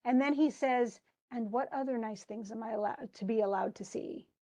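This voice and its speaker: A woman's voice: fairly high pitch, moderate pace, warm tone. A woman teaching a literature class, chatting about a play and reading lines aloud with frequent laughs. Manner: chatty, reads quotes aloud, laughs often.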